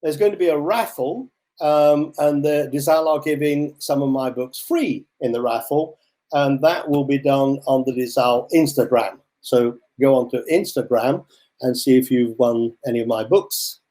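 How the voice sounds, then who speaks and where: Older man, webinar talk, mellow tone, animated storytelling, computer mic. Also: medium pitch, moderate pace. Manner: lively storytelling, animated asides. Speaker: author presenting a webinar.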